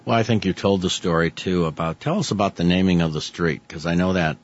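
A male host asks long, rambling questions with a lot of hesitation. His voice is very deep. The recording sounds a little dull and lo-fi. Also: fast. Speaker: interview host. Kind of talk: interview questions.

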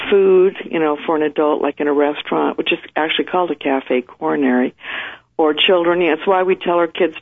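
A woman's voice: sits low, gravelly. A woman guest with her early morning voice, telling her story in a chatty, detailed way full of fillers. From United States. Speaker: interview guest. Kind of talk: recounting a personal story. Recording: tinny phone line.

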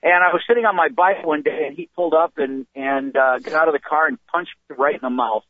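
Male comedian, lively storyteller, plays the people in his stories, slightly raised pitch, muffled dry lo-fi sound. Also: fast, dry recording. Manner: animated storyteller who acts out voices. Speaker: comedian guest. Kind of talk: casual storytelling chat.

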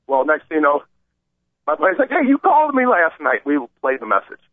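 A man calling in to a radio show and telling an animated, rambling story, acting out the voices of the people in it. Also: fairly high pitch, a little fast, gravelly, no echo. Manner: excited, acts out quoted voices, rambling. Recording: tinny phone line, dry.

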